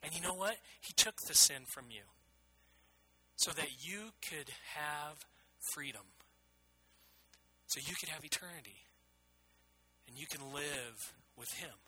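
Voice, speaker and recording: A man's voice: a little high, expressive, measured pace, pauses often, sharp tone, a little hiss or hum, poor audio. A middle-aged man preaching a sermon as pastor, earnest and emphatic, often repeating his phrases.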